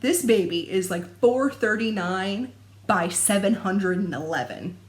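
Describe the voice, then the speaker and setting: This cross-stitch vlogger, a young adult woman, talks at a measured pace in a mid-range voice. Recorded in an echoey room, she rambles casually to camera about her stitching and laughs a lot.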